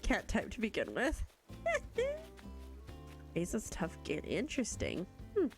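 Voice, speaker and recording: A woman's voice: medium pitch, huge pitch swings, slow pace, faint music behind. A young woman from Canada, chatting casually and rambling as she streams a game and answers chat. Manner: chatty, rambling, reads chat aloud, laughs often.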